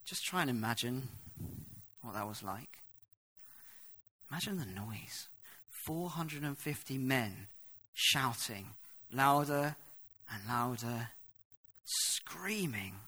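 Male preacher, bright forceful tone, dramatic scripture reading, hushed asides. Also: mid-range voice, animated, slow, long pauses, breathy edge. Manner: dramatic, swings from hushed to loud when reading. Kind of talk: sermon reading and explaining scripture.

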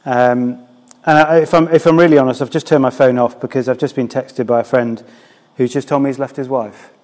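A man's voice: mid-range voice, fairly even intonation, brisk, darkish tone, in a large hall. A man, a church minister, preaching a sermon in a candid, conversational way.

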